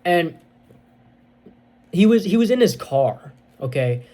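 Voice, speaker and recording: A man with a fairly high voice retells a film's plot as a casual reviewer. He is excitable and rambles, full of fillers and restarts. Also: takes it slowly. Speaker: movie reviewer.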